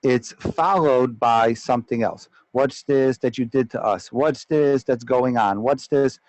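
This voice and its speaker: A man teaching a Torah class as a rabbi, animated and often stumbling over repeated words as he explains. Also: mid-range voice, a little slow, no room sound, poor audio.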